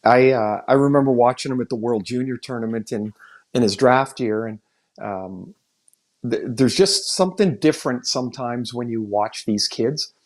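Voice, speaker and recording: A man's voice: mid-range voice, moderate pace. A man co-hosting a hockey podcast, talking casually and candidly, thinking aloud with frequent restarts as he gives his analysis. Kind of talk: casual sports chat.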